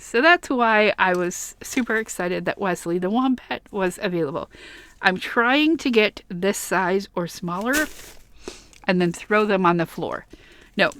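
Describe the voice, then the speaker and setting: Chatty woman from Michigan, smooth voice. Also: mid-range voice, fairly bright tone, dry recording. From Michigan, USA. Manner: rambling, chatty, with frequent ums and laughs. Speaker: vlogger. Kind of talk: casual plushie haul vlog. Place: bedroom.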